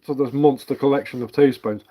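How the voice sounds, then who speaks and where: A man's voice: medium pitch, steady tone, fast, dark tone. An English man in a plain, mid-range voice, chatting loosely on a home livestream. He rambles, swears now and then, and answers viewers bluntly and offhand. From England. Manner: rambling, blunt, swears casually, mock accents in jest. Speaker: livestream host, woodcarver. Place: indoors at home.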